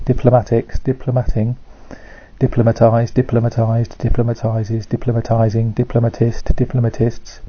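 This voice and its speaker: Slow, flat-voiced man reading words. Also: mid-range voice, no room sound, highs cut off. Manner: reads each word in turn, flat and measured, sometimes restarting a word. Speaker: reader of a dictionary word list. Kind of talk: reading a word list aloud.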